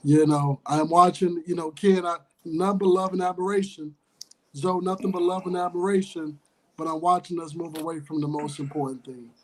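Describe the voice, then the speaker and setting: A man joins a live sports chat stream as a caller. His voice is notably high, and he speaks earnestly and in a measured way, padding his thoughts with fillers. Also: fairly even intonation, a little mellow, rough recording. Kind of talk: casual chat.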